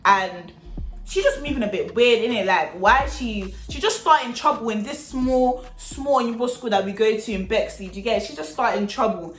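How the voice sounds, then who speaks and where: A young woman telling a storytime vlog in an animated, slangy, chatty way. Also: on the high side, normal speed, echoey room. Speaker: vlogger.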